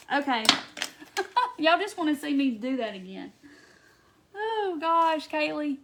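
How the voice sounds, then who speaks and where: A woman from Wisconsin hosting a casual live-stream craft tutorial, chatting to viewers, answering their comments and muttering soft asides to herself as she works. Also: sits high, big pitch swings, slow pace, pauses often.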